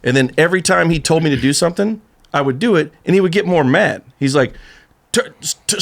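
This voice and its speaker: Lively gravelly-voiced man telling a story. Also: on the high side, quick pace. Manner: animated storyteller, acts out voices, laughs through. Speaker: podcast guest, skateboarder. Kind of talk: casual storytelling chat.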